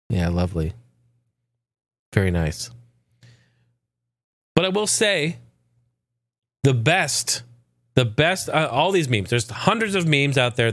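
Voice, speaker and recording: A man's voice: a little high, fairly bright tone, no echo. A man hosting a podcast in casual chat, rambling loosely, swearing freely and chuckling often. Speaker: podcast host.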